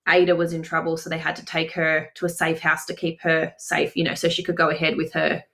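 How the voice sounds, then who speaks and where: A woman's voice: low voice, monotone, a little fast, creaky, fairly bright tone. A woman in casual chat as a podcast co-host, gushing and giggling often.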